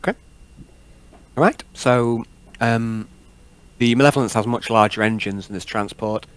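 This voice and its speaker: A man's voice: mid-range voice, normal speed, smooth. A man running a tabletop role-playing game as game master, narrating in a rambling, self-deprecating way.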